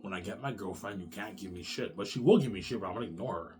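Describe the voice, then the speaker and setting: Man ranting in a low voice. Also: fast talker, background noise. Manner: profane, repetitive ranting. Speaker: vlogger. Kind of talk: rambling solo vlog.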